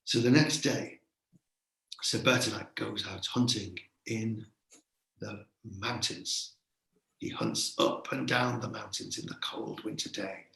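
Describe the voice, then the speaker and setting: A man telling a story live in a playful, animated way, with chatty asides. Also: fairly low pitch, slow pace, creaky, roomy sound, poor audio.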